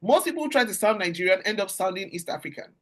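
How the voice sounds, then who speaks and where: A woman hosting a book club discussion, speaking in an emphatic, lively way. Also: mid-range voice, quick pace. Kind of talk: casual book club conversation.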